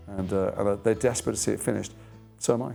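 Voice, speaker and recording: A middle-aged man speaking in a low, gravelly voice as he recalls stories from his acting work. He talks reflectively, restarting sentences and poking fun at himself. Soft music plays faintly underneath. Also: fairly even intonation, fast talker. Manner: thoughtful, trailing restarts, self-deprecating. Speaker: actor interviewed about his career. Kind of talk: reflective anecdotal interview.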